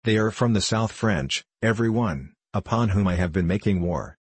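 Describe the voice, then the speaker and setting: A man's voice: lowish voice, normal speed, breathy edge, dry recording. A man voicing a boastful, swaggering English archer soldier who talks freely and heartily. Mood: hearty boasting. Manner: hearty, boastful, free-spoken.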